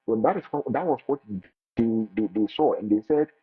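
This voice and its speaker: A man's voice: medium pitch, fairly quick, husky. Man on a tinny phone line. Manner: animated, repeats words and restarts, acts out quotes. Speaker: international teacher sharing his experience. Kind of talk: casual advice talk. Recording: phone-like line with faint music.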